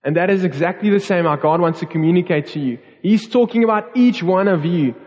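A man's voice: high voice, fairly quick, a little mellow. A man preaching a sermon to a church congregation, earnest, with repeated phrases and restarts. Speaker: pastor. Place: church hall. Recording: dull recording in a long-reverb hall.

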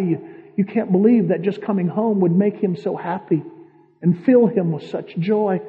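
A man preaching a guided-imagery sermon, telling a vivid story in the second person with strong feeling. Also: fairly high pitch. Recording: dull, reverberant hall.

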